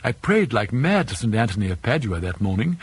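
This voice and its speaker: A man's voice: fairly low pitch, big pitch swings, fairly quick, a little hiss or hum. A man doing a whimsical, petulant young aristocrat.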